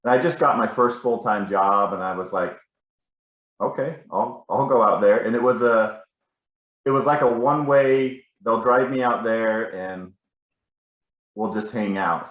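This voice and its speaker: A man's voice: medium pitch, reverberant, dull audio. A man telling rambling, self-correcting stories about a family member at a casual gathering. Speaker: family member sharing memories.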